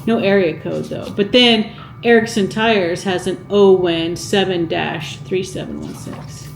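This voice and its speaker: She speaks a little slowly with vocal fry, chatting as she reads an old cookbook in a casual cooking vlog and musing aloud with questions for viewers. Her middle-pitched voice carries some room echo, and a faint hiss runs underneath.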